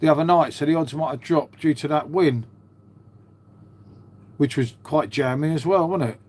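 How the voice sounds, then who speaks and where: Answering viewers in a casual livestream chat, a middle-aged man calls them mate and fills his speech with "mate" and "um". His pitch is fairly high and a little mellow, and he keeps a moderate pace. The manner is chatty and matey.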